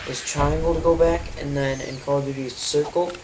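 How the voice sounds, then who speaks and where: A man's voice: fairly high pitch, fairly even intonation, fairly quick, poor audio. A man casually commenting on his gameplay, just woken up and yawning, rambling and joking to himself. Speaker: gaming channel host. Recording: loud game music behind.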